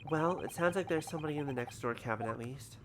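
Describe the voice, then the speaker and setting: A man's voice: fairly high pitch, fast talker. A man streaming a game, casually joking and swearing while reading dialogue aloud. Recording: background noise from home stream setup.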